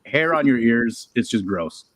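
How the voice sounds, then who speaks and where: A man's voice: mid-range voice, unhurried. A man co-hosting a casual chat, joking and acting out the lines of people in his stories. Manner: expressive, jokey, acts out quotes.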